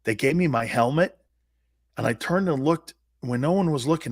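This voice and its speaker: A man's voice: medium pitch, normal speed, no room sound, studio quality. A man in his fifties, a sports talk host and former pro player, telling personal stories in a blunt, emphatic way with salty slang. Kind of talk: animated personal storytelling.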